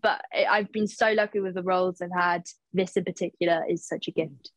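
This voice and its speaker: A woman's voice: lowish voice, steady tone, a little fast, no room sound, low-quality recording. A woman in her twenties, an actress answering interview questions casually, hesitant, with many fillers and restarts as she searches for words. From England. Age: 20s.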